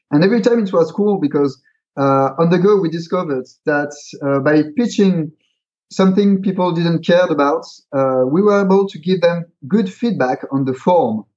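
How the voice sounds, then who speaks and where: Man, slightly higher voice, hesitant with fillers, dull lo-fi recording. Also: a little mellow. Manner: hesitant, many fillers and restarts, explains with examples. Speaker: guest, creator of a pitching card game. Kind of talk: casual interview talk. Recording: dull, lo-fi sound.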